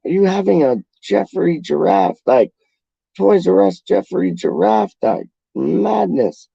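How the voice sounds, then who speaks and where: A man's voice: high voice, sing-song, measured pace, vocal fry, dark tone, breathy edge, no room sound, muffled recording. A man from the UK hosting a casual livestream, reading out chat in a slangy, rambling, playful way. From United Kingdom.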